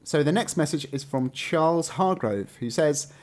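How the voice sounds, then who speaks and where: A man's voice: on the high side, animated, moderate pace, darkish tone. A man with an English accent, co-hosting a podcast and reading listener messages aloud in casual, playful chat. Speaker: podcast co-host.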